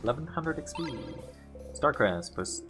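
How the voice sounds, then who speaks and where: A man's voice: fairly high pitch, lively intonation, unhurried, music in the background. A young man hosting a casual let's play, reading the game's text aloud with big dramatic swings and muttering asides.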